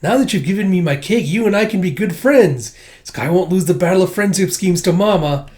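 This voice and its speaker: A man puts on a tiny scheming girl, her voice squeezed up high and sing-song. The talk is childish and a little breathless, the voice lifted well above his own. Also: animated, fairly quick, a little mellow. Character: small scheming psychic girl.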